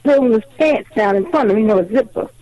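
A woman calling a talk radio show, telling her story in an animated, indignant way. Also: fairly high pitch, quick pace, low-quality recording. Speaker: caller.

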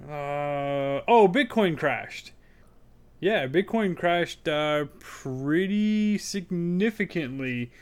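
A man's voice: fairly high pitch, lively intonation, extremely slow, clean tone. A man co-hosting a podcast, sharing news in casual chat, a bit scattered and apologetic. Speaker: podcast co-host.

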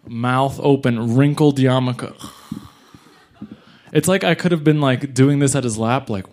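A young man, a stand-up comic, telling a story live and acting out other people's lines. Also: mid-range voice. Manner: animated, acts out other people's lines in quick bursts. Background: audience laughter.

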